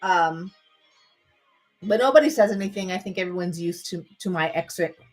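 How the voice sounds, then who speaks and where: A woman's voice: fairly low pitch, normal speed, soft background music. A woman chatting on a livestream from her bed at her computer, rambling casually, saying "dude" and restarting her sentences often. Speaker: vlogger on a livestream. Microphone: computer microphone.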